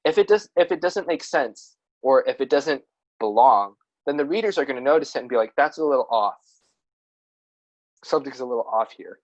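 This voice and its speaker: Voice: medium pitch, highs cut off. A podcast co-host chatting casually about writing, rambling, restarting sentences and laughing at themself.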